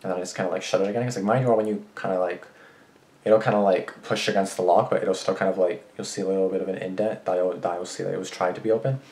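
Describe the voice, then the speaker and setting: Deep fast-talking young man rambling. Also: steady tone, a little mellow. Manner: rambling, restarts often, swears a lot. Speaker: vlogger. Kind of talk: casual rambling storytelling. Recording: roomy echo.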